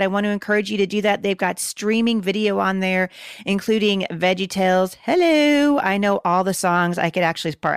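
A woman's voice: medium pitch, dry recording. Chatty woman podcast host, dry sound. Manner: chatty and enthusiastic, with quick asides. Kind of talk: casual sponsor read.

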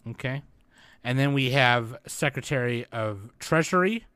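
A man's voice: medium pitch, expressive, measured pace, a bit bright, smooth, no echo. A young man co-hosting a podcast, chatting in a loose, rambling and profane way. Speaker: podcast co-host. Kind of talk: casual chat.

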